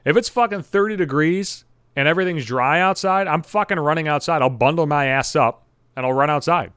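Guy ranting on his home podcast, cussing nonstop, kinda high voice, super dry sound. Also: fairly quick, fairly bright tone, clear, resonant tone, no room sound. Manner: swears constantly, ranting and exasperated. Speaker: podcast host. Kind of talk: profane comedic rant.

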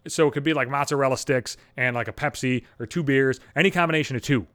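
Fast-talking, swearing man ranting. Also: mid-range voice, fairly bright tone. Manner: rambling, heavy profanity. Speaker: podcast host. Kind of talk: casual solo monologue.

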